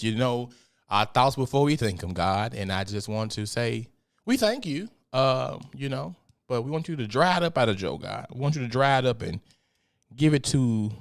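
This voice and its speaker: This podcast host has a gravelly, medium-pitched voice. On his casual solo show he rants bluntly, swears and jokes, occasionally going mock-preachy when talking to God.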